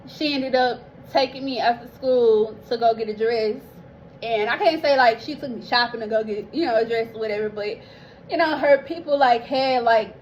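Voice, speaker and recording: A woman's voice: fairly high pitch, muffled recording, a little hiss or hum. Emotional woman telling her life story. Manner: rambling, heartfelt, addresses listeners as y'all, swears casually. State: emotional, near tears. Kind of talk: casual personal storytelling.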